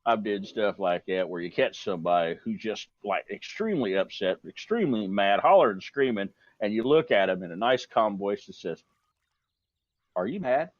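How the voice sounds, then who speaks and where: A man's voice: on the low side, expressive, a little fast, few pauses, highs cut off. A man chatting casually with a friend during a gaming stream, joking in a wry, playful way into a wireless headset. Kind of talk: casual chat while gaming.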